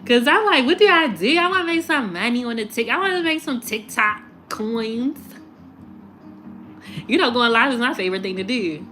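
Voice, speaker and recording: Soft music plays in the background as a tarot reader, a woman, chats on her live stream. She's animated, laughing, cursing and poking fun, then grows low and slow when she says goodbye.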